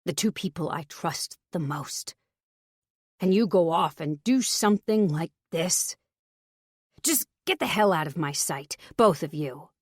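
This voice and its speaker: A woman voicing a furious, protective older brother in an audiobook, speaking low and slow through clenched anger. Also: animated, husky, dry recording, studio quality. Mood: angry.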